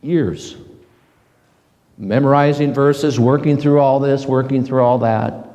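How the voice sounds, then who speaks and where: A middle-aged man giving a slow, halting, earnest personal testimony to a men's group. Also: mid-range voice, dark tone, highs cut off. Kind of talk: reflective personal testimony talk. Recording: long hall reverb.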